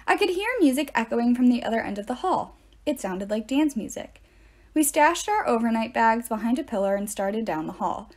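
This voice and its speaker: A woman reading a novel aloud in an expressive way, with deadpan asides. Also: a little high, moderate pace. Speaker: narrator. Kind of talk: audiobook-style reading aloud.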